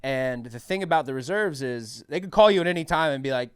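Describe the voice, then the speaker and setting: A young man from New Mexico telling stories in casual podcast chat. His voice is smooth and clear, at a middle pitch, and it is recorded close and dry. He tells his anecdotes with a lot of swearing and bursts of acted-out voices. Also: fairly quick, no room sound. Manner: animated, swearing, acts out other people's voices. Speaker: guest comedian.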